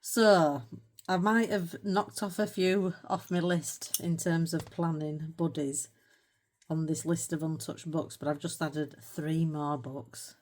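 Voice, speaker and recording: Deep, steady and a little mellow, this middle-aged British woman's voice moves at a slow pace as she hosts her colouring channel. She chats casually while she colours, wandering between self-mocking thoughts punctuated by small laughs.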